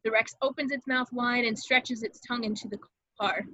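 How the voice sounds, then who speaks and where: Brief: female narrator, dramatic stage-direction reading, bright, slightly high voice, dry, muffled lo-fi mic, amateur table read. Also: steady tone, normal speed, no room sound.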